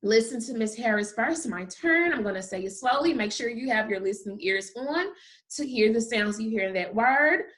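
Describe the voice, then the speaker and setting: An animated woman with a highish, fairly bright voice teaches kindergarten phonics on a recording. Sound by sound, she stretches things out slowly and with exaggeration, frequently praising the children in an upbeat way.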